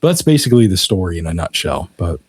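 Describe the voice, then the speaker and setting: A man's voice: low-pitched, very animated, quick pace, husky, no echo. A man who is a guest author, telling a story in a casual, vivid way and using fillers like "you know".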